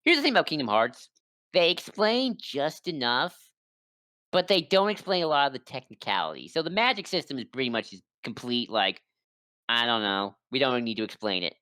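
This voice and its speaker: A woman podcast co-host recapping a game plot in casual chat, rambling with quick asides, close on a desk microphone. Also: rumbling low, sing-song, fairly bright tone, dry recording.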